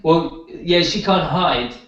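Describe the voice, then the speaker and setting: A man's voice: fairly high pitch, takes it slowly, a bit bright. Man telling stories in a roomy hall. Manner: rambling storyteller with many restarts. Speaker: guest healer. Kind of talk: casual conversation. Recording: roomy dull sound from far off.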